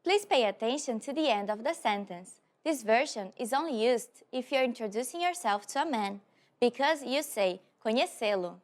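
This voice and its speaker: A high-pitched woman hosts a short scripted language lesson with an upbeat manner. She slows down when repeating phrases so learners can follow. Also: animated.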